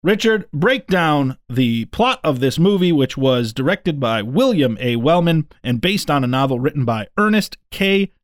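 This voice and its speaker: A man's voice: on the high side, expressive, unhurried, hardly any pauses, dry recording, studio quality. Joking man on a movie podcast. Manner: playful, jokey, blunt opinions. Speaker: podcast co-host. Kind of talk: casual movie podcast banter.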